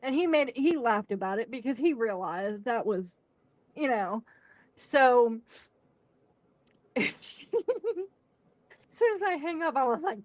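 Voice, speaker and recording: A woman's voice: fairly high pitch, unhurried, long pauses, no room sound. Chatty woman acting out a story. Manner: animated, acts out quotes with laughs. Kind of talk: casual storytelling chat.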